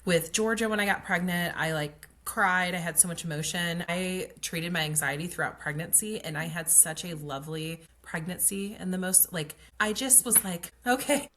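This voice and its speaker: A woman tells a personal story in a relaxed, conversational way. Her voice sits fairly low, and she peppers her talk with "like" and slips into quoted dialogue. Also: moderate pace, few pauses, a little hiss or hum. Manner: chatty, frequent "like" fillers, acts out quoted dialogue. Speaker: guest, pelvic floor occupational therapist. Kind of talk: casual storytelling.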